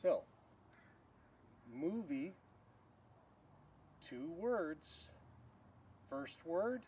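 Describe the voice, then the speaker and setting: Lively slow-talking man teaching children. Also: on the high side. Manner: slow, animated, leads shouted call-and-response. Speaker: children's Bible school leader. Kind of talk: teaching a game to children on video. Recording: distant mic with faint noise.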